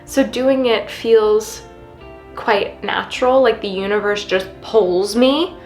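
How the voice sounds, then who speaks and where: A woman's voice: mid-range voice, slow pace, a little mellow. A young woman vlogging in a casual, confessional chat, earnest and rambling with many fillers. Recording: roomy with faint music behind.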